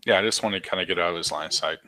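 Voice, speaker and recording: A man's voice: sits low, racing, bright, forceful tone. A man playing a tabletop game, hesitantly reading out his dice numbers. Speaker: player. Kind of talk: casual tabletop game talk.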